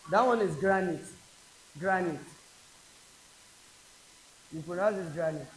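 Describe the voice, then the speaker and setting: A man with a Nigerian accent teaching an exam prep English class, slowly repeating each word aloud for drilling. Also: high-pitched. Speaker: English tutor. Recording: echoey classroom with faint hiss.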